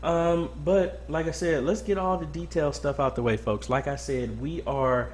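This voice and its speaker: A man's voice: a little high, steady tone, normal speed. A man hosting a casual weekly live-stream Q&A from a home studio, greeting viewers by name with lots of ums. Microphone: boom-arm mic close up.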